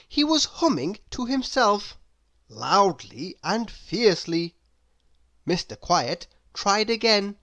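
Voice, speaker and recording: Very slow, lively woman storyteller. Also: medium pitch. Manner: expressive, asks the listener questions. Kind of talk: children's read-aloud.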